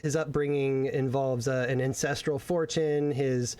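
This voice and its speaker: A man's voice: medium pitch, steady tone, unhurried, a little mellow. A man narrating as game master, rambling with many fillers and restarts.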